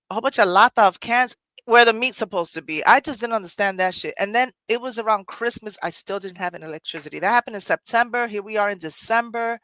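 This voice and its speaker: Podcast host, mid-pitched, earnest and conversational, dry close recording. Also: fairly bright tone, no echo. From Puerto Rico. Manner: earnest, conversational, often restarts phrases, swears casually. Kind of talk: personal reflective monologue.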